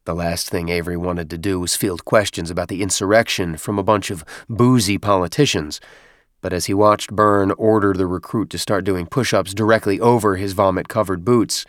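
A man narrating an audiobook in a steady, even storytelling delivery. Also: deep voice, moderate pace, dry recording, studio quality. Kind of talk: scripted narration.

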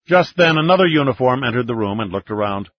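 A man narrates a thriller audiobook in a steady voice of middle pitch, husky in texture. The recording is dry and a little dull. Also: quick pace, no room sound. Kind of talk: scripted narration.

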